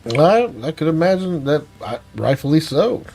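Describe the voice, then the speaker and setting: A man's voice: on the high side, sing-song, normal speed, vocal fry, darkish tone, soft background music. A man in casual chat, answering his friend bluntly and with jokes.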